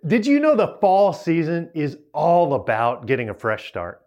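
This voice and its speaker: Animated man telling a self-mocking story. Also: a little high, measured pace. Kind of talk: storytelling talk to a young audience.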